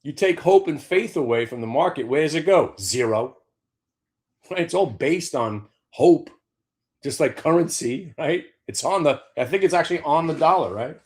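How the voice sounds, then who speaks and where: A man's voice: on the high side, lively intonation, normal speed. A man hosting a stock market show, ranting in a brash, profane, sarcastic way. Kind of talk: opinionated trading talk.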